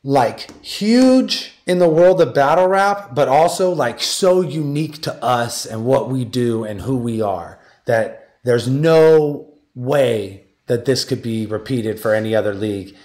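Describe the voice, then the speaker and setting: A man hosting a battle rap league stream, high, talking in a profane, animated rant and making a matchup announcement. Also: measured pace, few pauses. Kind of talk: live-stream talk and announcement.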